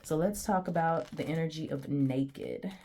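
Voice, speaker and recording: A woman's voice: low voice, a little slow, dark tone. A woman giving a casual tarot reading, chatty and digressive, talking straight to her viewers. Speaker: tarot reader.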